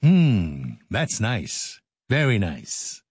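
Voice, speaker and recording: A man's voice: lowish voice, wildly swooping pitch, drawn-out words, darkish tone, breathy edge, no echo. An older man hosting a radio show, clowning through studio outtakes in a playful, joking way. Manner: playful, clowning, breaks into silly singing and laughs.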